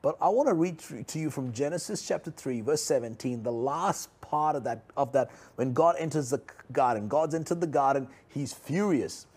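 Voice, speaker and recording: Husky-voiced man preaching earnestly. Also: mid-range voice, lively intonation, moderate pace, hardly any pauses. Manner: earnest, pleading, repeats phrases for emphasis, drops to soft tones. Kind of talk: sermon.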